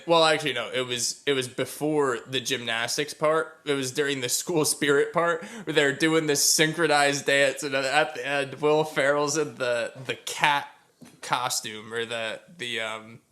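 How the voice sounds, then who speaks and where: A man co-hosting a podcast in casual chat, excitable and laughing often while he quotes movie lines. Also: mid-range voice, normal speed. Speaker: podcast co-host.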